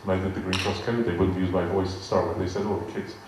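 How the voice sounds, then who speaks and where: A low-voiced older man with a West Country accent spins chatty, amused stories for a live audience. His voice rings around a big hall, picked up from a distance with a faint hiss underneath. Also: level tone, fast. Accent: West Country English. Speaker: guest speaker answering audience questions. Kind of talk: anecdotal talk to a live audience. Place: large arts hall.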